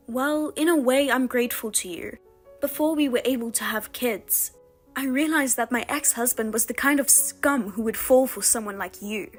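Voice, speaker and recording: A woman's voice: fairly high pitch, moderate pace, faint music behind. A woman narrating her own story in the first person, reproachful and indignant toward her sister. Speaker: narrator and wronged wife.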